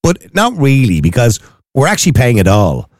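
A man's voice: medium pitch, wildly swooping pitch, moderate pace, a little mellow, no room sound, clean studio sound. An Irish man hosting a radio show, asking questions in a casual chat. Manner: questioning, conversational. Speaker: radio host.

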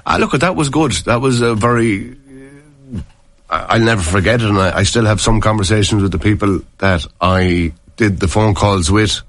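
An Irish former player chats casually, spinning long, rambling stories with frequent restarts. His voice is lowish and fairly bright, at a moderate pace.

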